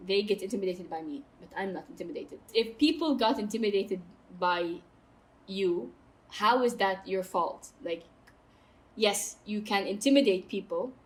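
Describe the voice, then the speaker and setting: Saudi woman in her 30s on a podcast, outspoken, punchy, mid pitch. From Saudi Arabia. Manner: outspoken and emphatic, quick asides. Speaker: guest, mountaineer. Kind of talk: candid podcast interview.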